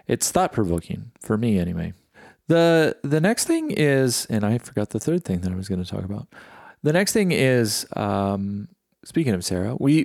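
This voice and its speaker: A middle-aged man reflecting in a casual solo podcast monologue, halting and full of fillers and restarts. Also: on the low side, gravelly, a little mellow, dry recording, studio quality. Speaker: podcast host.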